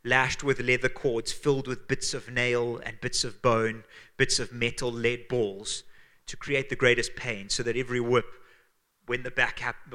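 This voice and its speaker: A man with a Zimbabwean accent preaching a sermon as pastor, earnest and emphatic, dropping to hushed tones for weight. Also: medium pitch.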